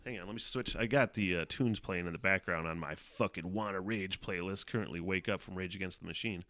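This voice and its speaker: Speaking a little fast in a low, sharp-toned voice, a man hosts his own casual live-stream podcast, headphones on and talking into a desk mic with no echo. He rambles, swears freely, mocks himself, and laughs often.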